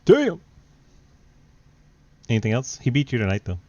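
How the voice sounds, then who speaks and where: A man's voice: medium pitch, wildly swooping pitch, normal speed, darkish tone, no echo. Man, race broadcast host, teasing, casual interviews, dull lo-fi mic, dry. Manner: laid-back, teasing, laughs often.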